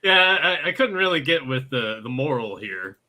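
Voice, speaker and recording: A man co-hosting a watch-party podcast who reacts excitedly and swears a lot. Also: medium pitch, normal speed. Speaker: podcast co-host. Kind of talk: casual watch-party chat.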